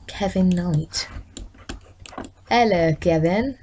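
A woman with a fairly low voice chats her way through a casual let's-play. She talks straight to the characters on screen and scolds them when they misbehave. A faint hiss of background noise sits under her voice. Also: steady tone, unhurried, pauses often. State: tired, yawning. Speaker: gaming channel host.

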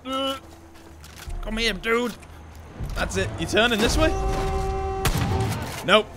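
A young man chatting excitedly through gameplay, joking and laughing at his own lines. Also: high-pitched, slow, pauses often, a little hiss or hum. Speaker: gaming YouTuber. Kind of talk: casual gameplay commentary.

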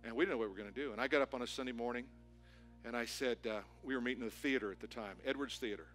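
Bright-voiced pastor telling a story. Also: male voice, medium pitch, rapid-fire, faint music behind. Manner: animated storytelling with rising excitement. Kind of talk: sermon. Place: church auditorium.

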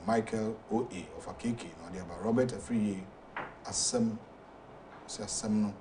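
Halting low-voiced Ghanaian male host. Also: far from the mic, background noise. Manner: halting, hesitant reading with frequent fillers. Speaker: talk show host. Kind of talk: reading viewer messages aloud.

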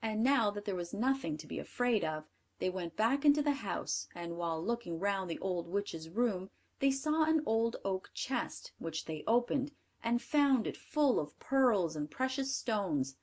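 A woman narrating a storybook in a clear, measured reading voice. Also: mid-range voice, lively intonation, a little mellow.

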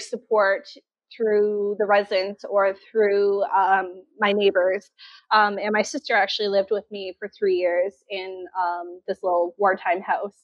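A woman's voice: medium pitch, no echo. A woman from Canada telling her teaching story as an interview guest, candid and full of fillers. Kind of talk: casual interview. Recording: dull lo-fi sound.

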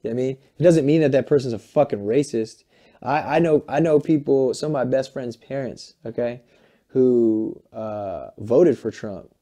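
A man in his late twenties, a musician being interviewed, talking in an animated, rambling, profane way and acting out what other people say. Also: medium pitch, moderate pace. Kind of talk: candid interview talk.

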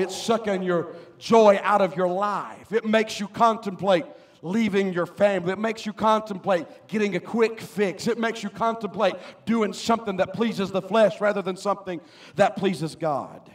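Pastor, male, high voice, sermon with loud swells. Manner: preaching with rising, shouted emphasis. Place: church sanctuary.

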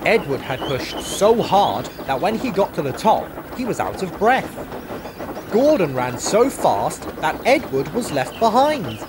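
A man narrating a children's storybook in an expressive, animated reading. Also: high voice, unhurried, background noise.

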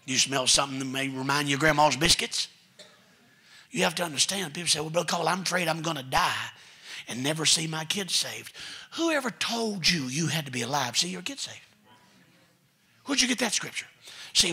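A man's voice: medium pitch, sharp tone, breathy edge. A man preaching a sermon in a church, telling family stories in a folksy way and quoting relatives. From Texas. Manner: folksy storytelling preacher, quotes family members. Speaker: pastor. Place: church sanctuary.

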